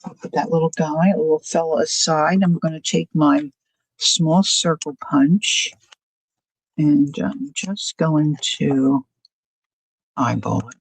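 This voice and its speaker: Slow, chatty woman crafting live. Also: low-pitched, husky, dry recording, poor audio. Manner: chatty, muses aloud, asks viewers questions. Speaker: craft live-stream host. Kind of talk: casual crafting demo, thinking aloud.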